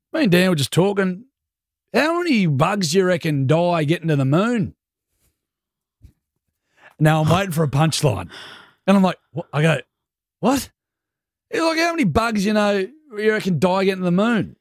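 A young Australian man hosting a radio show, telling a story in casual, animated banter. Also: high voice, moderate pace, long pauses, dry recording, clean studio sound. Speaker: radio host. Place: radio studio. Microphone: studio mic.

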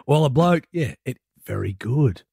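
Man, radio host, playful banter, gravelly, husky, lively pitch. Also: a little slow, dry recording, clean studio sound. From Australia. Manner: teasing, playful. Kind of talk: drive-time radio banter. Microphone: studio microphone.

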